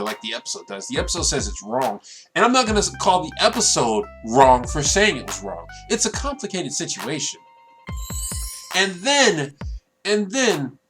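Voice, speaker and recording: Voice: mid-range voice, a bit bright. Earnest, emotional episode reviewer, casual and long-winded, with faint background music. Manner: earnest and emotional, talks at length. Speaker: show reviewer.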